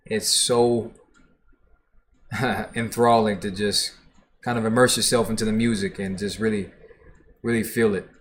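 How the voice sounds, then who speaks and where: Laid-back low-voiced man streaming. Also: steady tone, unhurried, long pauses. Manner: laid-back and profane, reads chat aloud with laughs. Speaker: livestream music reaction host. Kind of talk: casual livestream chat.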